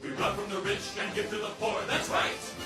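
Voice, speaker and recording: Men singing as a boisterous band of outlaws in a comic film musical, played as a distant film clip over loud music. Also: male voice, high-pitched, fairly quick, heavy reverb, natural voice.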